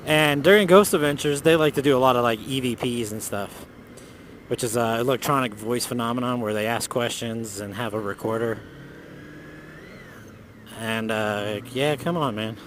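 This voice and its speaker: A man telling a ghost story in a loose, profane, animated way while riding a motorcycle outdoors. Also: medium pitch, moderate pace, slight background noise. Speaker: motovlogger. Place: outdoors on a motorcycle on city roads.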